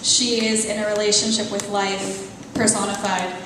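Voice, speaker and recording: A woman's voice: on the high side, a little slow, noisy background. Woman reading her novel in an echoing hall. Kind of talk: live public reading. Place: event venue, indoors. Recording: echoey hall, voice far from mic.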